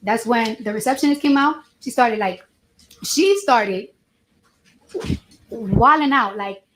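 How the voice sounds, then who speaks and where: A woman testifying in a courtroom, telling her side in an animated way and acting out what others said. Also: a little high, takes it slowly, reverberant, noisy background. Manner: animated, reenacts dialogue with lively voices.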